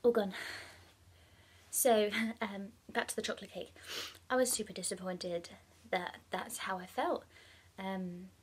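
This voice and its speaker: Chatty young woman, husky voice. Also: medium pitch, unhurried. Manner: chatty, with many ums and bursts of excitement. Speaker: vlogger. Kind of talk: casual personal vlog.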